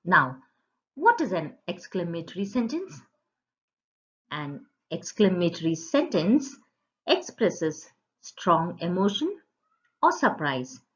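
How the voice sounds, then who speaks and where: A woman teacher leads an online grammar lesson for children in a patient, sing-song voice that is low-ish, very animated, and slow. The recording has a dull, lo-fi sound.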